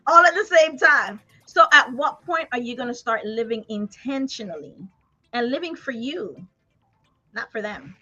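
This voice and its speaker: A woman's voice: fairly high pitch, expressive, a little slow, long pauses, sharp tone, lo-fi sound, faint music behind. A woman hosting a motivational talk, emphatic and preacher-like, laughing often. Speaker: host.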